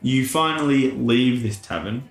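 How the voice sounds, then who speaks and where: A man's voice: medium pitch, a little slow, reverberant. A man narrating a tabletop game as game master in a loose, casual way. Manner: laughing, loose and casual, many fillers.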